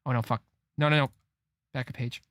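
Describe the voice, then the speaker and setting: A man reading a comic aloud on a live stream, reacting with disbelief and frequent swearing as he thinks out loud. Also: medium pitch, fairly even intonation, fairly quick, dry recording, clean studio sound.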